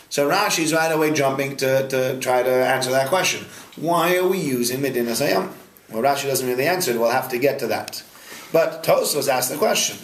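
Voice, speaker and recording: Man, rabbi, Talmud class, questioning, lively, roomy hall. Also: medium pitch. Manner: questioning, quizzes students, lively. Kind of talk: interactive Talmud lesson. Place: study hall with students. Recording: echoey study hall.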